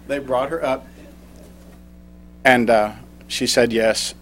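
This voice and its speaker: A middle-aged man stands before a small club and tells a personal story in a prepared speech. His voice sits at an ordinary middle pitch, and he slows down for the lines he reads aloud. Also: fairly even intonation, a bit bright, a little hiss or hum. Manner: storytelling, reads a poem slowly. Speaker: club speaker.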